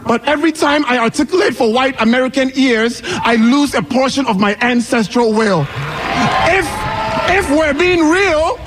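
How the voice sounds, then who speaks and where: A young man with a Ghanaian accent delivers spoken word poetry. His voice sits unusually high, and his delivery is impassioned and rhythmic, often rising to shouts. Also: animated, moderate pace, slight background noise. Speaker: poet.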